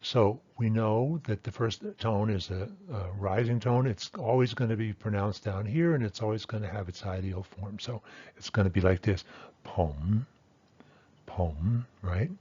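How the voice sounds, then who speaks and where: A man's voice: fairly low pitch, normal speed, a little mellow, breathy edge, dull audio. A man teaching a language lesson, patiently explaining and sounding out example words one by one. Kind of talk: explaining pronunciation at a whiteboard.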